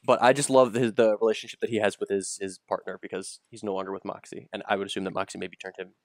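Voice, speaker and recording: A man's voice: lowish voice, flat delivery, quick pace, no echo, clean studio sound. A man hosting a casual gaming podcast, rambling with lots of fillers and restarts as he talks through his picks. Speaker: podcast host.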